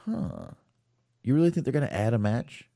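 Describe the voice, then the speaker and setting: A man's voice: mid-range voice, huge pitch swings, normal speed, vocal fry, warm tone, no room sound, studio quality. A man co-hosting a casual chat show, talking loosely with frequent swearing and repeated words. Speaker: podcast co-host.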